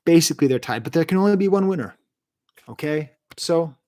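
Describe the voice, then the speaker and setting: Brisk and animated, this host of a home music review livestream has a fairly high, dark-toned voice. He ranks albums, reads out the live chat, and talks in an enthusiastic, rambling way.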